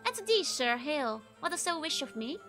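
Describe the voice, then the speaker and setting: Earnest young nobleman talking all thee and thou, a lady voicing him, high bright voice. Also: sing-song, moderate pace, soft background music. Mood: earnest, courtly. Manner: archaic courtly speech, thee and thou. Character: handsome young nobleman, earnest, hot-tempered.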